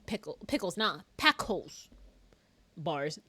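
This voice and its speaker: A woman's voice: on the low side, sing-song, moderate pace, bright, forceful tone, no room sound, clean studio sound. A young woman streaming a game, chatting casually in a giggly, crude, playful way that jumps between topics. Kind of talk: casual live-stream chatter while gaming.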